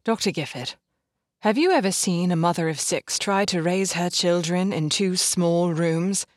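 A man's voice: high voice, measured pace, dry recording, clean studio sound. A narrator voicing a principled young woman doctor who argues earnestly and sharply. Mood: impassioned. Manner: earnest, pleading, then sharp.

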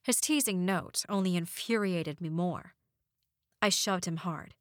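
A woman reading a first-person novel aloud with measured storytelling. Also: lowish voice, a bit bright, dry recording, clean studio sound. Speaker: audiobook narrator.

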